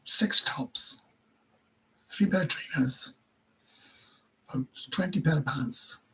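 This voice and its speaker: A man's voice: a little high, takes it slowly, pushed and bright, husky, low-quality recording. A Welsh man telling a crude, blunt story on a live stream, swearing heavily.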